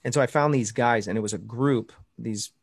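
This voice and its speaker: A man's voice: mid-range voice, a little fast, vocal fry, husky, dry recording, studio quality. Laughing man telling stories on a call. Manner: storytelling, animated, laughs often. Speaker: podcast guest and pastor. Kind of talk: casual chat over a video call. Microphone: video call.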